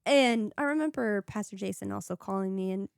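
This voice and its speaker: A woman's voice: medium pitch, a little fast, creaky, clear, resonant tone, dry recording, clean studio sound. A young woman guest on a podcast, telling her own story in a casual, earnest, rambling way, full of "like" and "you know". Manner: earnest, rambling, heavy use of "like". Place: podcast studio.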